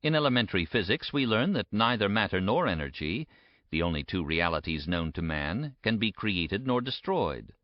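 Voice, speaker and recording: A man giving a measured, emphatic audiobook narration. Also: on the low side, sing-song, dry recording. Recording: dry, dull lo-fi recording.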